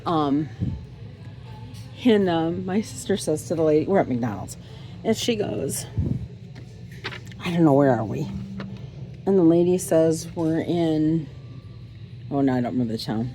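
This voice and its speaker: A woman's voice: low voice, lively intonation, a little slow, long pauses, warm tone, faint music behind. A woman vlogging as she browses a thrift store, telling a rambling story with many ums and restarts, filming on a handheld phone.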